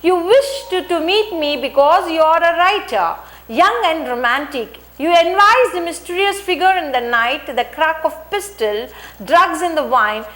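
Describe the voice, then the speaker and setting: A woman's voice: very high voice, expressive, a little slow, a bit bright, voice pushed up, heavily acted. A woman voicing a fat, wheezing, middle-aged male spy as she reads his lines aloud plainly, with some hesitations. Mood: reading aloud.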